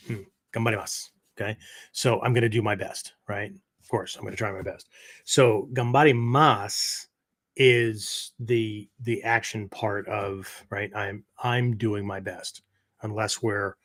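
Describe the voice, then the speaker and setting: A man's voice: lowish voice, a bit bright. A middle-aged man hosting a podcast, explaining phrases in a casual, rambling teaching style and tagging nearly every sentence with "right?" or "okay?". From United States. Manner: peppers talk with "right?" and "okay?"; rambling, self-correcting explanations. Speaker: martial arts podcast host.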